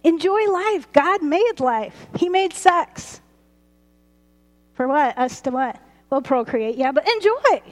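A woman preaching a lively, chatty sermon, laughing often. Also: sits high, slow. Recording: roomy hall reverb.

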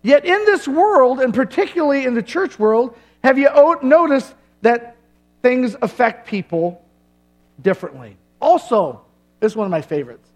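High-voiced man preaching a sermon. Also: sing-song. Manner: emphatic preaching with dramatic pauses and humor. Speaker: pastor.

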